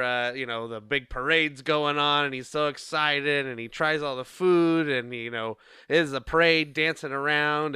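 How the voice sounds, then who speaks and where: A man's voice: medium pitch, sharp tone, clean tone, no echo. A man casually retelling a movie plot in a rambling, playful way, with frequent laughs and filler words.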